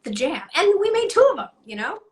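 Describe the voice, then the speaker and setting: A woman's voice: high voice, sing-song, fairly quick. A woman in her thirties, a guest voice actor, talking in a rambling, self-deprecating way full of "like". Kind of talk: casual interview chat.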